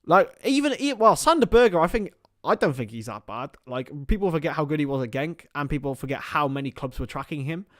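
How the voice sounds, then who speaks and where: A man's voice: a little high, lively intonation, fairly quick, fairly bright tone, no room sound, clean studio sound. A young man hosting a live football watchalong, commenting on the match, swearing casually and chatting to his viewers.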